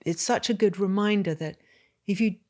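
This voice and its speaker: A woman's voice: medium pitch, normal speed, darkish tone. A woman hosting an interview, asking thoughtful questions that ramble a little. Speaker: podcast host. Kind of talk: interview conversation.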